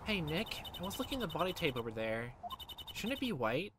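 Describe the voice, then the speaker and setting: A man voicing a bubbly, excitable teenage girl sidekick who squeals and gushes, with game music behind. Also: on the high side, a little fast, noisy background, voice pushed up. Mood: curious. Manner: squealing, gushing.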